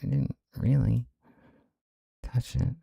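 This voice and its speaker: A man's voice: mid-range voice, fairly even intonation, slow pace, creaky, warm tone, breathy edge, no echo. A man streaming his day trading live, talking to himself, muttering and swearing under his breath in frustration.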